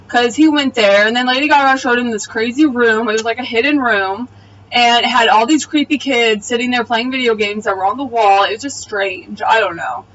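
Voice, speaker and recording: A woman's voice: on the high side, fairly bright tone, recorded from a distance, dull audio. A woman giving a casual, blunt and profane spoken recap of a TV episode. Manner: blunt, profane, exasperated retelling. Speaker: TV episode reviewer. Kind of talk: casual video review recap.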